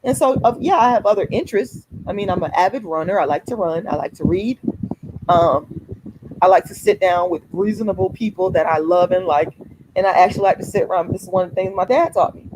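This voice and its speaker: An activist livestream host speaks to her viewers fiercely and emphatically at a quick pace, repeating phrases and swearing freely. Her voice is fairly low, and there is background noise.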